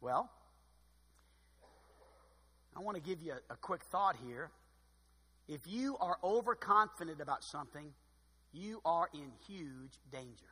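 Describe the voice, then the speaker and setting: Bright, high-voiced preacher man. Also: unhurried, long pauses, slightly rough, in a large hall. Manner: expressive, swings between loud emphasis and quiet asides; dryly sarcastic. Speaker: pastor. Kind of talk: sermon.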